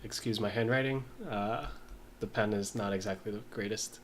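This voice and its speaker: A man in a casual study session, reading lines aloud slowly and mumbling as he writes and sounds out words. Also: fairly low pitch, steady tone, slight background noise. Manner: slow, mumbling while writing, sounds out words. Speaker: language learner.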